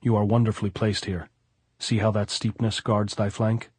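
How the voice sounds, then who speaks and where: A man voicing a calm American demolition expert giving firm, steady instructions in an audiobook. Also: lowish voice, moderate pace, husky, dry recording. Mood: directing. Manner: instructive, steady, archaic speech. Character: American dynamiter, calm, exacting commander.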